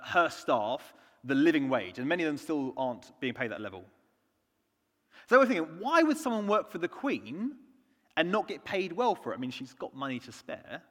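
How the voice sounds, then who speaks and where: A man from the United Kingdom preaching a sermon, earnest, moving between soft hushed lines and emphatic ones. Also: a little high. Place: church. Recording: long church reverb.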